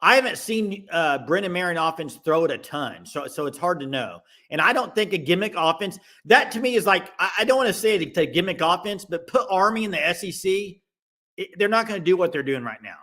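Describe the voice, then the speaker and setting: A man hosting a casual sports podcast with live call-ins, talking in animated bursts with quick restarts. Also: high voice.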